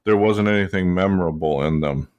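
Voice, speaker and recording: Man with a very low voice, casual podcast host, unhurried, hedging with ums. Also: darkish tone, lo-fi sound. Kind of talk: casual chat.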